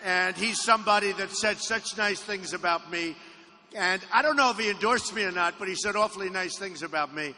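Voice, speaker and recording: A man's voice: sits high, a little fast, pushed and bright. A man giving a rally speech in a hangar, boastful and rambling, often repeating his phrases. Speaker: presidential candidate at a campaign rally. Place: aircraft hangar with a crowd. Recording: echoey hangar, faint background noise.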